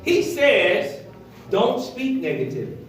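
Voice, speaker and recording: Animated pastor preaching in an echoey hall. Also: male voice, sits high, measured pace. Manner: lively, animated preaching, acts out voices. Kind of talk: sermon. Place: church hall. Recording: echoey hall, heard from far.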